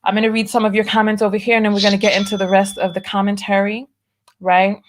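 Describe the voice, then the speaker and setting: Female host, animated commentary voice, preachy tone, reads donations aloud. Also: slight background noise. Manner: lively, preachy, drawn-out emphasis with big pitch swings. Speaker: show host. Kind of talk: commentary and reading viewer donations.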